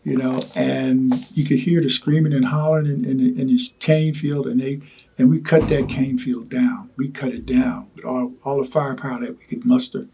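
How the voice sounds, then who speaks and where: An older man recalling his wartime experiences in an oral history interview, talking haltingly with many repeated words and asides. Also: mid-range voice, steady tone, creaky, dark tone, a little hiss or hum. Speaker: Vietnam veteran interviewee.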